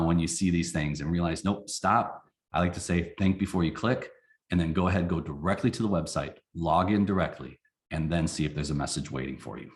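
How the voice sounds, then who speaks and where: A man who runs a company, presenting a casual training webinar in a folksy, animated way and acting out examples. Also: low-pitched.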